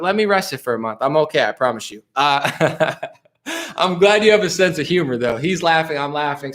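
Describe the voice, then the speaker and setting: A man's voice: a little high, fairly bright tone. A man hosting a casual political live stream, reading viewer comments aloud and answering them in a loose, rambling way with frequent restarts and dismissive asides.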